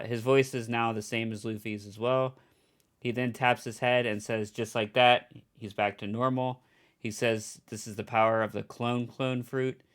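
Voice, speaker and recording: A man co-hosting a podcast, walking through an episode's plot in a steady, orderly way. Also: medium pitch. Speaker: podcast co-host. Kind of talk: casual episode recap.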